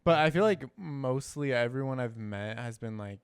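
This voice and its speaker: A man with a smooth, clear voice chats casually on a podcast. The sound is close and dry. He talks in a laid-back way, with hesitant pauses and fillers. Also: mid-range voice, animated, no room sound. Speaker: podcast co-host. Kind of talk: casual chat.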